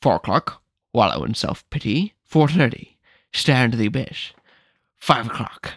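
A man's voice: mid-range voice, very animated, measured pace, creaky, a bit bright, breathy edge, dry recording, heavily acted. A man voicing the Grinch, a grumpy, self-pitying male hermit creature, reading in a dry, sardonic way.

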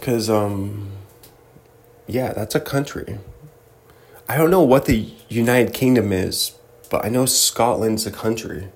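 A man's voice: fairly low pitch, takes it slowly, gravelly, long pauses, a little mellow. A young man hosting a casual solo commentary, joking and laughing often as he reads through a list. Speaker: host.

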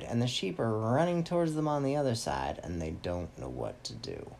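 A man playfully making up a story aloud for a child, animated and teasing. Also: on the low side, moderate pace, creaky, a little hiss or hum. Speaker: parent telling a story to a child. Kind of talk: improvised bedtime story.

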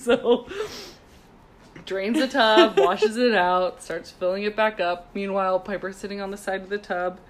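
A woman's voice: medium pitch, moderate pace. A woman in her thirties, co-hosting a podcast and telling a funny story in a giggly, chatty way, with lots of "like". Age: 30s. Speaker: podcast co-host. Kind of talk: casual chat and storytelling.

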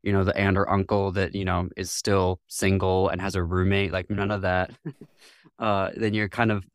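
A man with a deep voice and little pitch movement speaks at a moderate pace, on a dry, studio-quality recording. He's a guest from Northwest Lower Michigan, US, in a reflective interview, thoughtful, laughing often, and acting out quoted voices.

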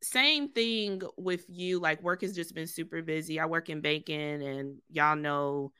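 A young woman with a low, bright voice chats loosely on a podcast. She sounds a little congested from a recent cold. Her talk trails off into fillers and restarts. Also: measured pace, smooth. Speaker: podcast co-host. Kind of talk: casual chat.

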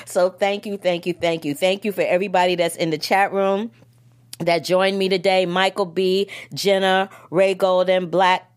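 A woman's voice: on the low side, normal speed. A woman hosting a film critic show, talking emphatically and straight to her viewers in a casual chat. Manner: emphatic, animated, talks straight to the audience.

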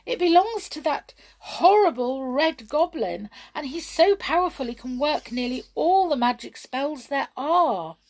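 A high, fluttering little mermaid girl, tearful and easily frightened, as a woman puts her on for a storybook reading. Her voice is breathy and soft, rising into lively, breathless exclamations. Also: a little slow, rough recording. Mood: alarmed.

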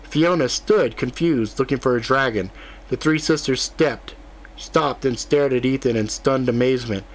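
A man narrating a fantasy audiobook in a steady, even reading voice. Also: mid-range voice, normal speed.

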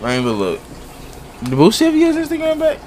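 A man's voice: very high voice, huge pitch swings, fast, a little mellow, slight background noise. A man co-hosting a casual podcast, teasing and arguing in profane banter. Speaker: podcast co-host. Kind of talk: casual chat.

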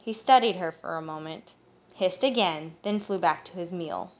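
A woman reading a fantasy audiobook in first-person narration, steady and even. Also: on the low side, normal speed.

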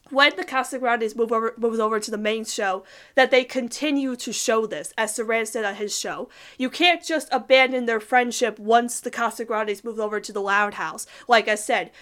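A woman talks through a cartoon episode in a loose, chatty review. Her voice sits a little high, and she gushes and giggles as she recaps her favorite moments. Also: a bit bright. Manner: gushing and enthusiastic, laughs often while recapping scenes.

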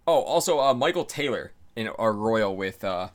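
Man, low voice, casual sports chat co-host, rattling off names, tripping on pronunciations. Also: animated, normal speed. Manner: rattles off player lists, stumbles over names. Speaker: podcast co-host.

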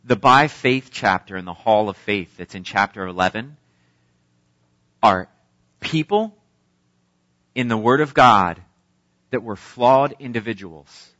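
A man delivers a sermon in a bright, forceful voice, reading scripture and then expounding on it earnestly. The recording is dull and lo-fi, and the sound is close and dry with no room echo. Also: medium pitch. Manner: earnest, emphatic preaching with occasional fillers. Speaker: preacher.

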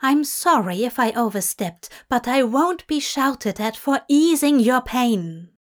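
A woman's voice: on the high side, animated, measured pace, voice pushed up. A woman voicing a fussy male angel who scolds patiently in a fanfic audiobook. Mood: scolding. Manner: prim, patient, reproving.

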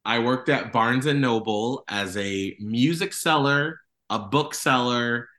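A chatty man telling self-deprecating stories in a casual interview. His voice is bright and forward, and he stays animated and playful. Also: mid-range voice, takes it slowly. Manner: animated, self-mocking storyteller. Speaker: radio host guest.

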